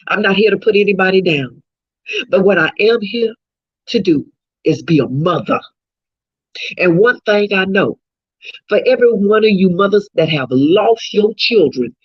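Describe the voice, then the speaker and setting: A woman's voice: on the low side, slightly rough, dry recording. A middle-aged woman from Houston, a grieving mother giving fervent, preacherly testimony. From Houston, Texas. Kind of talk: impassioned testimony. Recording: dull lo-fi recording.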